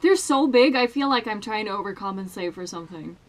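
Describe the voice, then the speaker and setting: A woman's voice: medium pitch, expressive, a little fast. A young woman from Sweden with a Swedish accent, chatting casually to camera in a crude, self-mocking, playful way. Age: young adult. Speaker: vlogger. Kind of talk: casual vlog chat. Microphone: headphones with desk mic.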